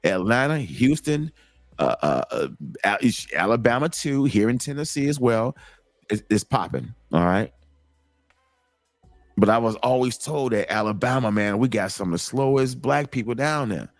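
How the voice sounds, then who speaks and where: A middle-aged man hosting a show, telling a personal story in a casual, animated, digressive way. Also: mid-range voice, moderate pace, dry recording. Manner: animated, digressive, lots of repeated starts. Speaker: host.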